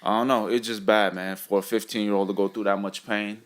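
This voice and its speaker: A man co-hosting a casual podcast, relaxed, recounting things and often ending lines with "man". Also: on the low side, a little fast. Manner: relaxed storyteller, says "man" a lot. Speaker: podcast co-host. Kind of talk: casual chat.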